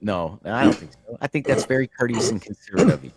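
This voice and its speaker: This middle-aged podcast host talks fast in a low, darkish, slightly rough voice, animated as he rambles through a long story. He keeps restarting and laughs all the way through the casual chat.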